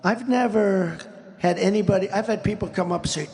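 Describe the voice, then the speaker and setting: Emphatic older man with a gravelly voice. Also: high-pitched, a little fast, a little mellow, in a large hall. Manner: emphatic, repetitive, rambling. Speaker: interview guest. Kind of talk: interview conversation.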